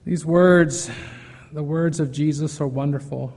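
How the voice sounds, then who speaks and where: A man preaching a sermon to his church, earnest, moving from loud emphasis to soft pleading. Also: fairly high pitch, steady tone, a little slow, creaky, big-room sound. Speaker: pastor.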